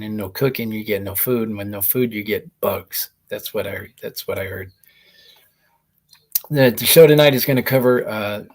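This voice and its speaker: A man hosting a comedy show, telling rambling stand-up stories and laughing through them as he talks into a laptop mic. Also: mid-range voice. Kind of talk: stand-up style monologue.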